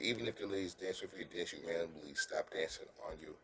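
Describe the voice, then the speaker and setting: A man's voice: low voice, sharp tone, a little hiss or hum. A man giving casual dating advice to the camera in an earnest, coaching way, often stumbling over words and checking "you understand?". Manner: halting, repeats words, keeps asking "you understand?".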